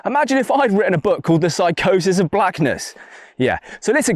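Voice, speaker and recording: A man's voice: sits high, big pitch swings, brisk, dry recording, studio quality. A man delivering blunt, combative video commentary.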